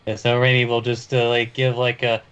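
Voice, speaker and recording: A man's voice: medium pitch, completely flat delivery, brisk, fairly bright tone, smooth, lo-fi sound. A man playing a tabletop game, talking hesitantly with many fillers. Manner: hesitant, lots of fillers and restarts. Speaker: player. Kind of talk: casual tabletop play.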